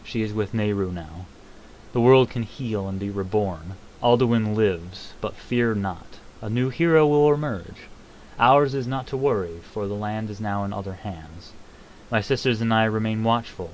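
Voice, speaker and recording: A man voicing a watchful female goddess, speaking calmly and solemnly to a fallen hero. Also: on the low side, unhurried, a little hiss or hum, close to an everyday voice, rough recording. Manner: calm, solemn reading.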